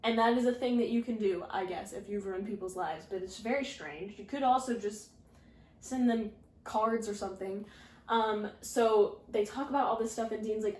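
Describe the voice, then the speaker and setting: A woman's voice: medium pitch, steady tone, moderate pace, a little mellow. Rambling woman recapping in an echoey room. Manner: rambling, heavy use of "like", sarcastic asides. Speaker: video essayist recapping a fanfiction. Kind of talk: casual recap.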